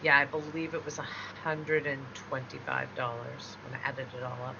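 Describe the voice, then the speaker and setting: Woman co-host with a super bright sharp voice, joking around, dull lo-fi audio. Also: a bass voice, steady tone, moderate pace, vocal fry, a little hiss or hum. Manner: playful banter, laughs easily. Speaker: gaming channel co-host. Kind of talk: casual chat.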